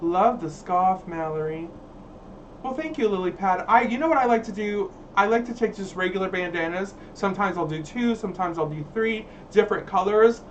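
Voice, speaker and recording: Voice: mid-range voice, moderate pace, far from the mic, highs cut off, slight background noise. A livestream host, reading viewer chat in a sassy, dramatic, campy way.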